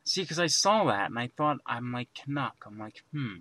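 Bright-voiced goofy man, dry sound. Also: mid-range voice, sing-song, brisk, no room sound. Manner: goofy, bantering. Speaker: podcast co-host. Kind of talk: crude comedic chat.

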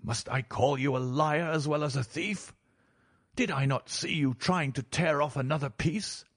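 A man reading an audiobook, voicing an enraged older banker father who shouts accusations at his son. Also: fairly high pitch, moderate pace, no room sound, clean studio sound, close to an everyday voice. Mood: furious.

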